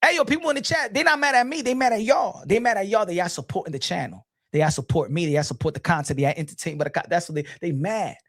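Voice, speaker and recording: A man streaming boxing commentary, talking to his chat in an animated, teasing, repetitive way with frequent laughs. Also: high voice, fast talker, hardly any pauses.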